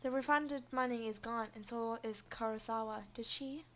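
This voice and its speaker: A woman's voice: fairly high pitch, fairly even intonation, normal speed, fairly bright tone, highs cut off. A woman streamer reading game text aloud and reacting expressively to the story.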